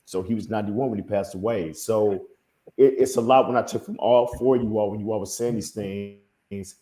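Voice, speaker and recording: A man's voice: on the low side, fairly even intonation, mellow, roomy sound. A middle-aged man speaking earnestly and with feeling in a casual group conversation, often repeating himself as he searches for words. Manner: earnest, heartfelt, halting repetitions. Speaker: panel guest. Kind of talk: emotional personal storytelling.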